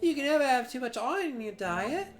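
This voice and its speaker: A man voicing a prim, eager young woman assistant in a raised falsetto, over game music. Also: sing-song, fast talker, exaggerated voice. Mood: delighted.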